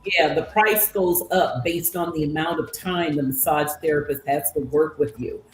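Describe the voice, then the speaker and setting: A woman, a guest in an interview, answering hesitantly with many pauses and restarts. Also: deep voice. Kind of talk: casual conversation. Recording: echoey room, faint noise.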